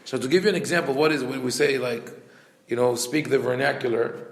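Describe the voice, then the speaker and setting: A man's voice: medium pitch, steady tone, a little fast, roomy sound. A man, a rabbi, teaching a Torah class with rhetorical questions and frequent restarts.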